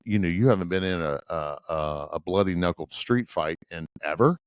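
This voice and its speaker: Emphatic low-voiced man co-host. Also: moderate pace, smooth, dry recording, clean studio sound. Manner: emphatic, scornful of academics. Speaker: podcast co-host. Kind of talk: casual podcast chat.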